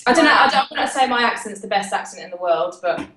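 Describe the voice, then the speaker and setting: A British woman chats easily as a guest on a video call, her voice at a middle pitch. She laughs often and turns questions back on the host. The sound is roomy, with noticeable echo. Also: lively intonation, quick pace, bright, forceful tone, recorded from a distance. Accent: British English. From United Kingdom. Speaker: guest actress. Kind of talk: casual chat.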